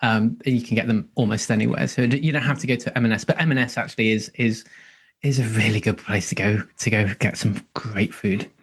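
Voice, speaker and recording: A British man speaking as a podcast guest, easygoing and measured. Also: on the low side, steady tone, husky. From United Kingdom. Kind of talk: casual chat.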